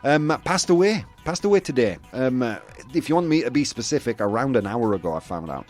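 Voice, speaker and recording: A young man from the UK hosts a casual chat show, his pitch bouncing up and down as he talks. He rambles, piling on fillers and restarts, with faint music underneath. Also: very animated, brisk, a little mellow. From United Kingdom. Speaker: host.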